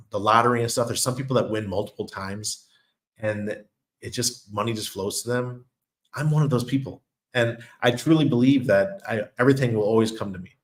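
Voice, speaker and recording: Chatty man with a New York accent. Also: medium pitch. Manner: chatty storyteller, laughs often. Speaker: crypto channel host. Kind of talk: casual monologue.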